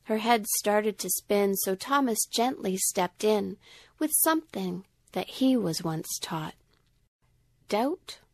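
A woman telling a rhyming story in a gentle, sing-song way. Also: medium pitch, dry recording.

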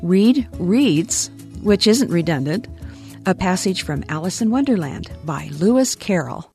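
A woman introduces the next reader in a conversational radio-host manner. Her voice is mellow and lowish with lively intonation, over faint background music. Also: a little slow.

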